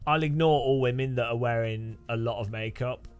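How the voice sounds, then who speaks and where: A man's voice: mid-range voice, brisk, smooth, faint music behind. A man streaming sim racing, chatting casually and rambling with chuckles while answering his chat.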